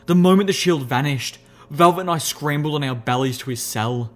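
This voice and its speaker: A man giving a first-person audiobook narration in an expressive, measured storytelling voice. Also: a little high.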